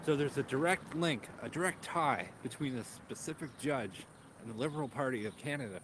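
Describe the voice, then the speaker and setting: A man's voice: mid-range voice, expressive, a little fast. Emphatic man outdoors amid traffic noise. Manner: emphatic and indignant. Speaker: co-host. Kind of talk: opinionated political commentary. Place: outdoors on a street in cold weather. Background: clear street and traffic noise.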